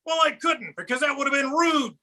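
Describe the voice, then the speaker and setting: A man's voice: very high-pitched, lively intonation, fairly quick, heavily acted. A man doing a brash punning puppet comic. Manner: punny, brash, shouting punchlines. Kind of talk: stand-up comedy with puppet.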